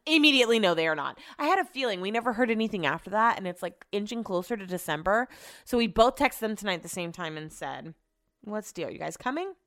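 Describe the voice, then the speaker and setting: A middle-aged woman tells a rambling, profane anecdote on her podcast, full of swearing. She mimics the people in the story and keeps clearing her throat. Her voice sits at an ordinary middle pitch and the recording is dry and close. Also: dry recording. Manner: animated, profane, acts out quotes. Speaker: podcast host. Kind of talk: casual storytelling.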